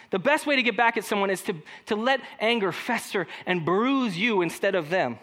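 A male pastor preaching a conversational sermon, acting out quoted lines and speaking directly to the congregation. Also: high voice. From California. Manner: conversational, animated, acts out quoted voices.

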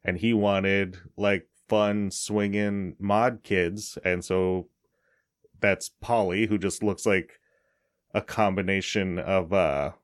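Male host, low-pitched, relaxed chatty explainer for a casual talk show. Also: takes it slowly. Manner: chatty, explains with laughs and asides. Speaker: podcast host. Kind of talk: casual chat.

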